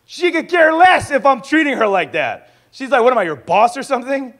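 High-voiced man teaching a sermon. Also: brisk. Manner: lively, acts out little dialogues. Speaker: pastor teaching a discipleship school.

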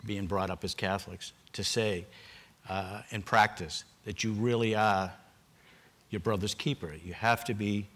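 A man's voice: fairly low pitch, steady tone, a little slow, fairly bright tone. An older man from Boston, a panelist at a public forum, telling a personal story earnestly, with repeated restarts.

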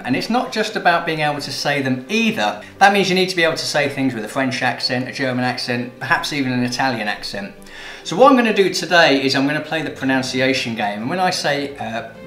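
A man's voice: medium pitch, a bit bright. A man hosting a wine channel, presenting a pronunciation quiz in an upbeat, jokey way. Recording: roomy sound with light music.

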